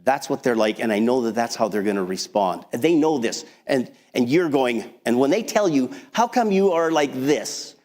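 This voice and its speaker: A man preaching a sermon as pastor, talking in a conversational, animated way with frequent restarts. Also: mid-range voice, moderate pace, hardly any pauses. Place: church sanctuary. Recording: long hall reverb.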